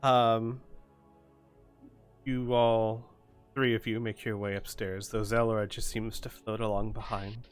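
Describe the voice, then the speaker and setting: Low-voiced man running a tabletop game. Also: flat delivery, a little slow, smooth, faint music behind. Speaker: game master.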